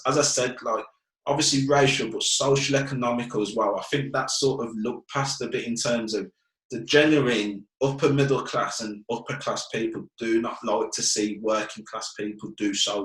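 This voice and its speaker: An earnest male guest speaks frankly at a middling pitch. His voice carries a noticeable room echo. He often checks that his listener follows him. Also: fairly even intonation, normal speed, a bit bright. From Birmingham, England. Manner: earnest, frank, keeps asking "do you get what I mean". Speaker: guest, fitness business owner. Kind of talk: casual conversational interview.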